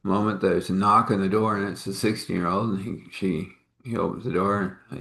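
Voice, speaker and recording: A man's voice: low-pitched, level tone, moderate pace, creaky, fairly bright tone. A man telling a long story in a casual, rambling, homespun way, with many fillers. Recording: echoey room.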